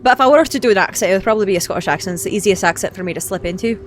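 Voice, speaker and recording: A woman's voice: mid-range voice, racing. A woman streaming a game live, chatty and self-mocking, laughing often as she comments.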